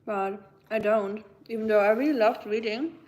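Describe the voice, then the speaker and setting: Over poor audio with a little hiss or hum, a young livestream host speaks at a moderate pace in a mid-range, slightly mellow voice. She eats while chatting with her viewers, musing and replying to the live chat.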